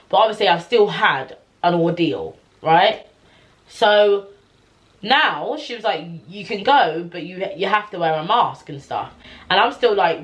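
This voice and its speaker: A young woman telling a personal story to camera in a chatty, animated way, full of slang and fillers. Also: fairly low pitch. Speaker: vlogger.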